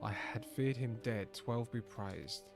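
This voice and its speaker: A man voicing a stern, weary male rebel elder in a measured, solemn reading. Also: medium pitch, creaky, over music. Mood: grave.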